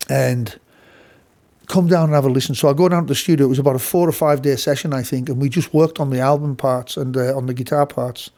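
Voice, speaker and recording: English guitarist guy rambling on, lots of restarts and swearing, soft mellow tone. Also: medium pitch, fairly even intonation, quick pace, hardly any pauses. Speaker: session guitarist. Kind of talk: casual storytelling.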